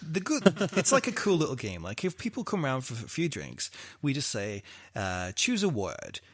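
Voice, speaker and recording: Animated British man co-hosting a podcast. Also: mid-range voice, normal speed, breathy edge, dry recording, clean studio sound. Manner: animated, jokey, swearing, laughs a lot. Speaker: podcast co-host. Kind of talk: casual chat.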